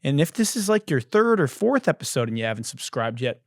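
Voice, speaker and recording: A man hosting a comedy podcast, delivering a profane, animated ranting monologue into a close studio mic. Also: mid-range voice, brisk, no room sound. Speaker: podcast host.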